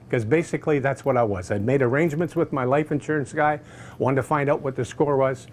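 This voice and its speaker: A man telling a personal story casually, animated and acting out other people's voices. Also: mid-range voice, brisk, a little hiss or hum. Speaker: customer giving a testimonial.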